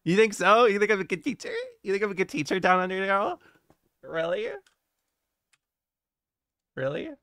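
Jokey, rambling streamer guy, slightly high voice. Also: normal speed, long pauses, a bit bright, clear, resonant tone, no echo, studio quality. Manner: rambling and jokey, swears, laughs often, reacts to chat. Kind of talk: casual live-stream chat, reading chat aloud.

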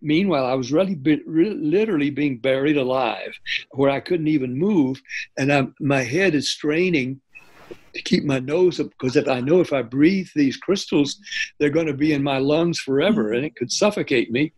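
An older man, a guest in an interview, telling lively anecdotes and often stopping to correct himself. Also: fairly high pitch, normal speed, rough recording. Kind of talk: interview storytelling.

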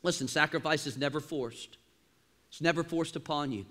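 A man preaching a sermon in a church, animated, with sudden loud bursts and quieter asides. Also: a little high, moderate pace. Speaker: pastor. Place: church auditorium.

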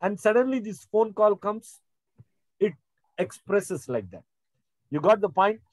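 A man's voice: high voice, lively intonation, a little slow, no echo, poor audio. A middle-aged man preaching a sermon, rambling with many fillers and restarts. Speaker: pastor. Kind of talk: sermon teaching.

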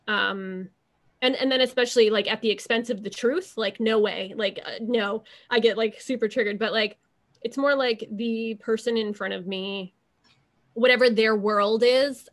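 A young adult woman talking casually as an interview guest, rambling with many fillers and restarting her thoughts. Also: on the high side.

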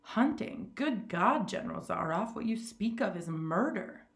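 A woman reads the part of a principled young hunter, earnest and shocked, his words coming out with a slight gravel. The part sits a touch above her low reading voice. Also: lively intonation, unhurried. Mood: indignant. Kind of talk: story read aloud.

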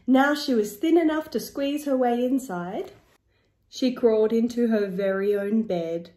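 A woman reading a children's picture book aloud in a slow, expressive, rhythmic way. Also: on the high side. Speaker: storyteller. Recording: echoey room.

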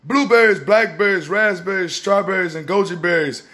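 A man voicing his excited young son, who gushes about berries and praises his daddy. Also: high voice, normal speed. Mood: gushing. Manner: gushing, breathless listing of berries. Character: excited little boy praising his dad.

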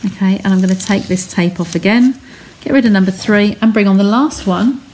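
Woman, craft tutorial, chatty, step-by-step, middle pitch, faint background noise. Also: a little fast, darkish tone. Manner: chatty, reassuring, talks through each step. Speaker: craft demonstrator. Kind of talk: live-stream craft tutorial. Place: home craft studio.

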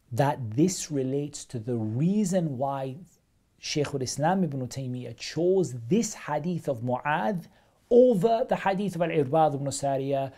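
A man's voice: on the high side, warm tone. A man teaching a live online religious lesson, explaining texts step by step and repeating phrases for emphasis. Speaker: Islamic studies teacher.

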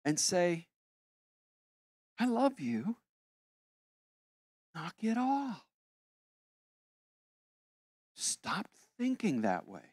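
A man in his sixties with a fairly high voice delivers a sermon as a pastor, recorded cleanly in a studio with no echo. His style is conversational and emphatic, weaving in personal stories and often interrupting himself.

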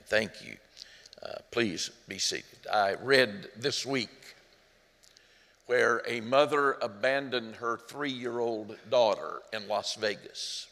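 Speaking slowly with vocal fry, a male preacher delivers an earnest sermon in a church sanctuary, his voice rising loud on quoted cries and sinking to a hush at tender points. The sound carries a long hall reverb.

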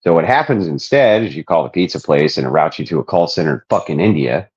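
A man's voice: extremely low pitch, lively intonation, fast talker, darkish tone, lo-fi sound. A man from Ireland hosting a podcast, ranting and joking in a profane, exasperated, mocking way. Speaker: show host.

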